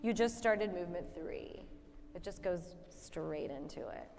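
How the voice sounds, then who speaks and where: A woman's voice: fairly low pitch, measured pace, darkish tone, slight background noise. A woman choir director counting in and giving friendly directions to her singers during rehearsal. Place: rehearsal hall. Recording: long hall reverb.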